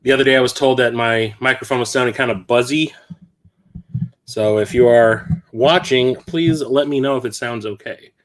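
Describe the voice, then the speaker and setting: A man's voice: mid-range voice, normal speed. A man hosting a casual live stream from his apartment, out of breath and rambling with frequent self-corrections. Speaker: host. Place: home apartment.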